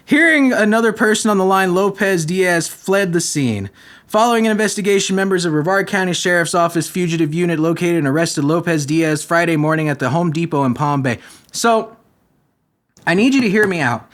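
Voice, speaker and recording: A man's voice: high-pitched, a little fast, fairly bright tone. A young man hosting a comedy podcast, reading news stories aloud and breaking into crude, mocking rants. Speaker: podcast host.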